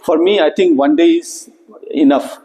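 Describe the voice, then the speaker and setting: Energetic man in an echoey hall. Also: on the high side, moderate pace. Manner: energetic, checks in with a rising "okay?". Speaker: student workshop trainer. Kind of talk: motivational talk to students.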